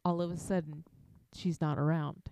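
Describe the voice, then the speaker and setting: A woman's voice: sits low, level tone, normal speed, mellow, dry recording. A woman hosting a podcast, telling a story in casual chat, swearing freely and laughing often. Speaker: podcast host.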